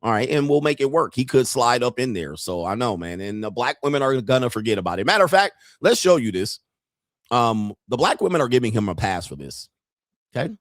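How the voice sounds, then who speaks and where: Mocking animated male streamer. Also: mid-range voice, a little fast, no echo, studio quality. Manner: mocking, animated, laughs often. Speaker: streamer reacting to clips. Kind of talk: casual reaction commentary.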